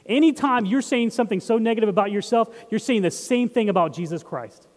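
A pastor with a high-pitched voice preaches briskly, keeping his sermon conversational and posing questions to the audience. His speech trails off into a long reverb tail.

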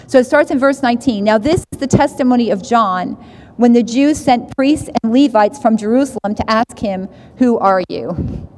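A woman leads a Bible study, reading verses and explaining them in a loose, conversational way, often circling back and checking in with her listeners. Her voice sits a little high, and a long reverb trails after her words as if she is in a large room. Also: normal speed, darkish tone, a little hiss or hum. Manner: conversational, restarts phrases, asks "right?". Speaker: Bible teacher.

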